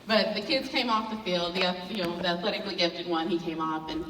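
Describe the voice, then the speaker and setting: A woman performing a stand-up comedy set at a luncheon, telling animated stories about her family and acting out their voices. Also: on the low side, brisk, background noise. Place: event hall at a luncheon. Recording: roomy hall, voice from far off.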